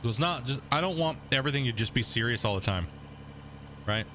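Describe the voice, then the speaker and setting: There's a little hiss or hum as a man streams a game live, talking fast and animatedly in a medium-pitched, slightly bright voice. He rambles casually, leaning on "man" and "right," and now and then talks between bites while eating.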